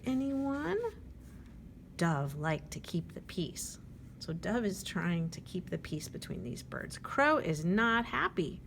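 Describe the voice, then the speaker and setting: A woman librarian reading a picture book aloud at storytime, animated and asking the children questions. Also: medium pitch, gravelly, a little hiss or hum.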